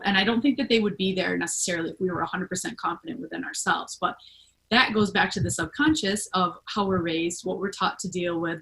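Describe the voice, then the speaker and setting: A woman hosts a podcast, chatting casually and thinking out loud with plenty of fillers and restarts. Her voice sits lowish and a bit bright, and the recording quality is low.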